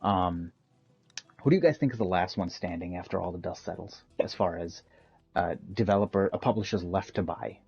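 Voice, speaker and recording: A man's voice: low-pitched, brisk, a little mellow, breathy edge, dull audio. A man hosting a casual podcast chat, giving his opinions as he thinks aloud. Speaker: podcast host.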